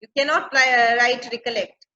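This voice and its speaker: A woman's voice: on the high side, steady tone, normal speed, pushed and bright, a little hiss or hum. A woman, teaching a play by reading each line and paraphrasing it plainly. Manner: reads the old verse, then paraphrases it in plain words. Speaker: English literature teacher. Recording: dull lo-fi recording.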